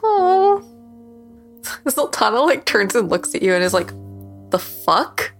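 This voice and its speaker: A woman playing a tabletop game, casual and quick to laugh. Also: on the high side, very animated, faint music behind. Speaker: player.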